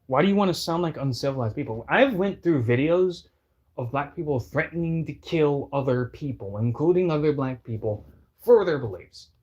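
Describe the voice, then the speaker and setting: A man's voice: on the high side, lively intonation, moderate pace, darkish tone, slightly rough. Rambling, heated man on dull lo-fi audio. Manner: rambling, heated, many restarts and fillers. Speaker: commentator. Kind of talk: casual reaction commentary.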